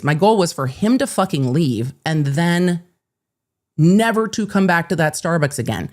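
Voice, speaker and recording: A woman host telling a story casually to camera, blunt and animated, swearing freely and acting out both sides of the conversation. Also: sits low. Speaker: host and lawyer.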